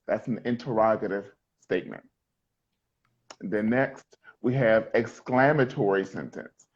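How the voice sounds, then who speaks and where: A man's voice: lowish voice, unhurried, slightly rough, muffled recording. A male middle school teacher explaining sentence types, joking and quizzing his students. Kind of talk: classroom lesson.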